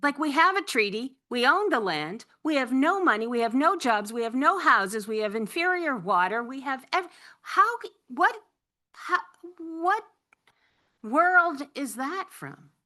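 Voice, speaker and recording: A middle-aged woman from Nova Scotia giving an impassioned public talk, emphatic and halting, full of rhetorical questions. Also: high voice, very animated, sharp tone. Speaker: panel speaker.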